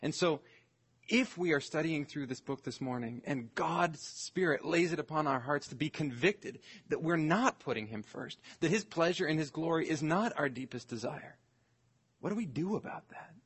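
A man, a pastor, preaching an earnest expository sermon, slowing down to stress scripture phrases. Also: fairly high pitch, expressive, breathy edge.

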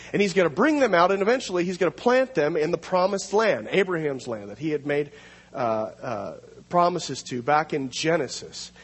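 Husky, animated male preacher. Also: a little high, big-room sound. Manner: animated, slows down to read scripture aloud. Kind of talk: sermon.

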